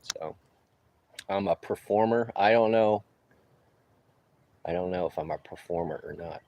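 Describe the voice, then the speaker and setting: A man's voice: low voice, a little slow, a little mellow, a little hiss or hum. A man in his fifties from New Orleans, chatting casually on a livestream while taking a break outdoors on a roof, rambling and easygoing with chuckling asides. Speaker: livestreamer and roofer.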